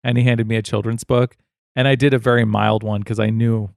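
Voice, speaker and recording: Tipsy man with a gravelly voice. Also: medium pitch, little pitch movement, a little fast, darkish tone, no echo, studio quality. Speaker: podcast co-host. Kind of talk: casual chat.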